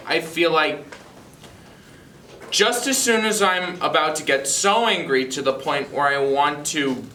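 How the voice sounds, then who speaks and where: Teen boy from North Carolina telling an amused anecdote, halting, slightly raised pitch, roomy sound from a distant mic. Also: bright, forceful tone, slight background noise. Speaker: storyteller. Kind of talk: personal anecdote told to camera.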